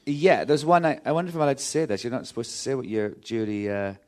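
A man's voice: mid-range voice, lively intonation, fast, darkish tone. A male actor, a guest on the show, chatting casually in a cinema screening room, laughing often and rambling through his answers with many restarts. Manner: giggly, playful, rambling with restarts. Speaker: actor guest, festival jury member. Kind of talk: casual chat.

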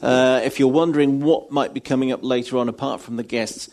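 A man's voice: medium pitch, fairly even intonation, fairly quick, a crowd in the background, background noise. A male film show host interviewing a guest in a cinema screening room, asking teasing questions. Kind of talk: interview chat.

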